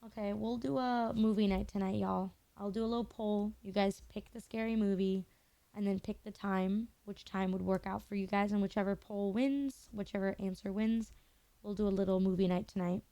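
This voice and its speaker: A woman's voice: medium pitch, steady tone, moderate pace, mellow, no room sound. A young woman streamer in her twenties chatting candidly and emotionally with her viewers, swearing casually.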